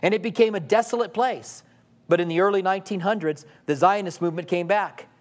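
High-voiced man preaching conversationally. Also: brisk. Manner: conversational preaching, acts out quoted voices, rhetorical questions. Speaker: pastor. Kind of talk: sermon.

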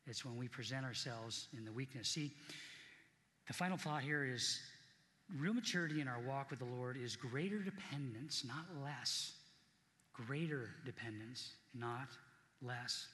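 A man's voice: mid-range voice, lively intonation, moderate pace, sharp tone, big-room sound. A middle-aged man preaching a sermon as pastor, earnest and conversational, repeating key points for emphasis.

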